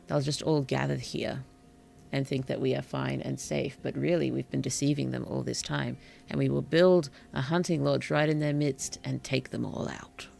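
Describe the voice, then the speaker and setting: A streamer giving relaxed gameplay commentary in a gentle, whimsical, polite way, with puns and soft whispered asides. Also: medium pitch, creaky, slight background noise. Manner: drops into soft whispers at times. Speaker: VTuber streamer and author.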